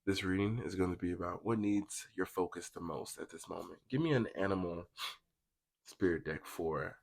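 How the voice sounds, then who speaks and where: A man's voice: low-pitched, moderate pace, gravelly. A young man giving a casual pick-a-card tarot reading, chatty and slangy, talking straight to his viewers. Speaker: tarot reader.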